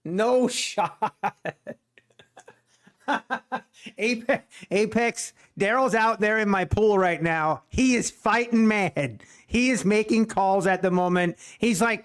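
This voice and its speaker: Laughy high-voiced guy hosting a trading stream, drawn out delivery. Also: slow pace, clear, resonant tone. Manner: excitable, laughs often, repeats himself. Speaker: day-trading livestream host. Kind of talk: live stream commentary.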